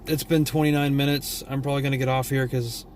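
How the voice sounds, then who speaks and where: A man's voice: medium pitch, little pitch movement, fast talker, a little mellow, slight background noise. A tired man from Texas with a Southern drawl, vlogging a blunt, profane, rambling rant. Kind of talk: casual opinion rant.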